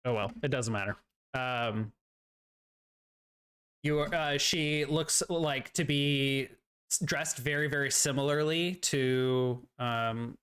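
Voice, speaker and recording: A man's voice: mid-range voice, a bit bright, clear, resonant tone. A man narrating as game master, rambling and searching for words with lots of fillers.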